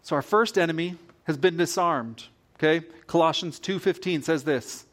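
A male pastor delivering a sermon in an animated way, repeating phrases for emphasis. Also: a little high, a little slow.

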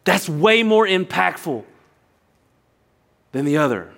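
A man's voice: high voice, slow, vocal fry. A young adult man, preaching a sermon with storytelling and earnest appeals. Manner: storytelling, animated impressions of others, earnest. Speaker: pastor.

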